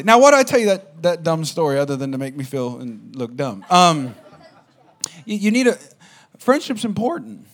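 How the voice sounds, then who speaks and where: A man preaching a sermon, telling a personal story in an animated way and speaking straight to the audience. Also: fairly high pitch, brisk.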